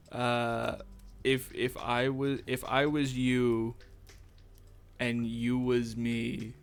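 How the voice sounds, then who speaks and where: Gravelly, unhurried male streamer. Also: mid-range voice, little pitch movement. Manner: rambling, self-mocking jokey asides. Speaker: streamer drawing live. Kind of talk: casual livestream chat while animating. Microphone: streaming microphone.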